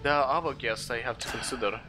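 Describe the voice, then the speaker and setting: A man's voice: medium pitch, fast talker, over music, close to an everyday voice. A man voicing a polite, apologetic male lounge staffer in a game, reading the subtitles aloud.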